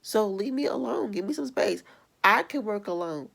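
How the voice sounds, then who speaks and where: A woman's voice: mid-range voice, animated, normal speed, vocal fry, a bit bright. A young adult woman vlogger ranting bluntly and with exasperation in a casual video. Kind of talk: casual vlog rant.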